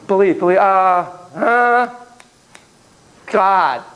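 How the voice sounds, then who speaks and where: Animated male lecturer, lively pitch. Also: slow pace, poor audio. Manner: animated, self-deprecating, digressive storyteller. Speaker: lecturer on child psychotherapy. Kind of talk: classroom lecture with anecdotes.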